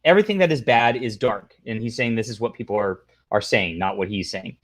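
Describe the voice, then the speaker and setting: A man's voice: on the low side, fairly quick, a bit bright. A man hosting a casual livestream, rambling through commentary, reading posts aloud, talking to the chat and throwing in sarcastic asides. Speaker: livestream host.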